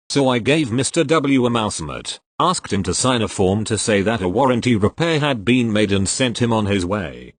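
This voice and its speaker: A man's voice: on the low side, lively intonation, moderate pace, few pauses, no room sound. A man reading tech-support stories aloud with a dry storytelling delivery, giving quoted lines small voice shifts. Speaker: narrator reading posts aloud.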